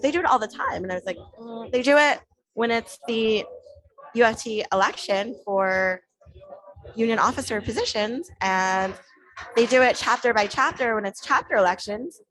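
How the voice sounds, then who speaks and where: A woman's voice: fairly high pitch, poor audio. A woman guest on a podcast, casually telling a story and animatedly acting out the back-and-forth she had with others. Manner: animated retelling, acting out quoted exchanges.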